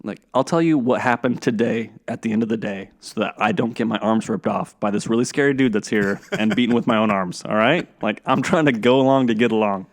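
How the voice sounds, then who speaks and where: A man co-hosting a podcast, chiming in with quick jokey asides in casual chat. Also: lowish voice. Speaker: podcast co-host.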